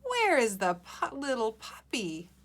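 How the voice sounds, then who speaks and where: A woman's voice: fairly low pitch, lively intonation, unhurried, fairly bright tone. A woman voicing an eager little girl searching for a lost puppy, in a raised, questioning storybook voice.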